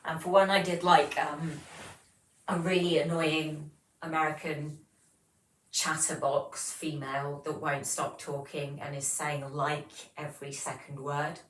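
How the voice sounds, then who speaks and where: A woman's voice: low-pitched, level tone, measured pace, echoey room, recorded from a distance, poor audio. A woman, hosting a casual livestream and chatting as she reads viewer comments aloud. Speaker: livestream host.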